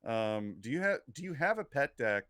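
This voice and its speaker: A man's voice: mid-range voice, very animated, moderate pace, fairly bright tone, clear, resonant tone, no room sound, clean studio sound. A man co-hosting a podcast who explains points at length and asks the others questions. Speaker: podcast co-host. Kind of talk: casual podcast chat.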